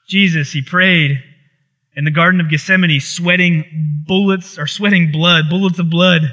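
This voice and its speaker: A man's voice: fairly high pitch, bright, forceful tone. A man preaching a sermon, impassioned and repetitive, building intensity on key phrases. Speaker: pastor.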